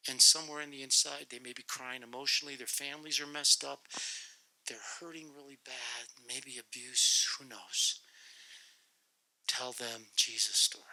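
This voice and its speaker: A middle-aged man telling a testimony to a youth group and praying, in an animated, comic, repetitive storytelling manner. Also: medium pitch, normal speed, no room sound, rough recording. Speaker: guest speaker to youth group.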